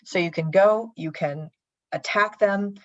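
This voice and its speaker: A woman preaching in a church and retelling a story in a lively, conversational way, on a dull lo-fi livestream. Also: mid-range voice, unhurried, no echo. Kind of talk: sermon storytelling.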